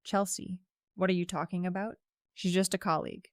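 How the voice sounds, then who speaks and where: Tired, calm boyfriend in a spoken story, read by a woman, low and steady. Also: fairly quick, no room sound, studio quality, natural voice. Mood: weary. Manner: calm, worn-out, patient. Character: tired, weary adult boyfriend pleading calmly. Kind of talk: first-person story narration.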